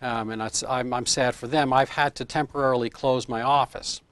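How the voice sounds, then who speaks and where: A man's voice: mid-range voice, steady tone, moderate pace, a bit bright. A man in his fifties, a medical doctor being interviewed in casual chat, rambling through explanations with homespun comparisons. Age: 50s.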